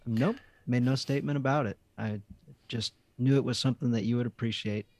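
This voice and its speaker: Lively storytelling male podcast host, dry sound. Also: medium pitch, a little fast, no room sound. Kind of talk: casual chat.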